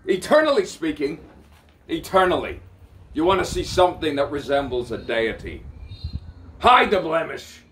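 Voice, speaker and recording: A man's voice: a little high, very animated, normal speed, long pauses, a bit bright, recorded from a distance. A man rambling in an improvised spoken-word monologue, theatrical, swearing freely and repeating words over and over.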